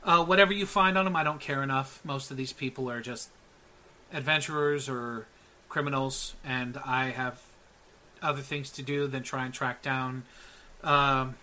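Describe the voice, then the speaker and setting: Bright-voiced male game master. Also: mid-range voice. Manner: casual, rambling with many ums, laughs at own jokes. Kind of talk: narrating a tabletop game, voicing NPCs.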